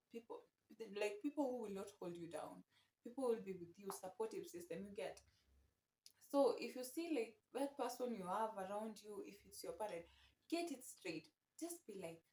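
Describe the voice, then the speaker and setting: A woman's voice: mid-range voice, moderate pace. A young Kenyan woman vlogging in a chatty, casual way, giving advice and mixing in Swahili slang. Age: young adult. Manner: chatty, mixes in Swahili slang, animated retellings. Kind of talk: casual talk to camera. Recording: echoey room.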